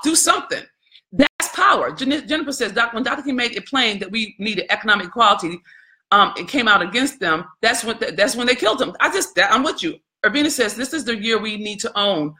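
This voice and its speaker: On her live video, this woman delivers fervent, colloquial preaching, addressing viewers as "y'all" and reading out their comments between points. Her high-pitched voice sounds pushed and bright throughout the impassioned commentary.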